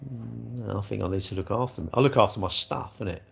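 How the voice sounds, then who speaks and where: A man's voice: fairly low pitch, fast, gravelly. A man chatting casually on a livestream from his sofa at home, reading the chat and joking in a cheeky, rambling way.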